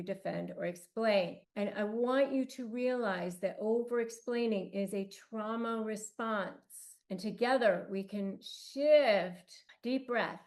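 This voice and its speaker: A woman's voice: mid-range voice, darkish tone. A woman hosting an advice talk, coaching in emphatic, clipped phrases. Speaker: host.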